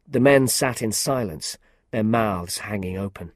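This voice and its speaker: Slow, clear male storyteller. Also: lowish voice, no echo, clean studio sound. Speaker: narrator. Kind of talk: scripted story narration for English learners.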